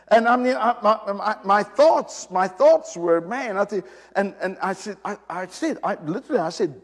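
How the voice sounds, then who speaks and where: A man preaching a sermon to a congregation, animated, repeating his phrases and swinging between hushed and loud delivery. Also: high voice, measured pace, in a large hall. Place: church service with a congregation.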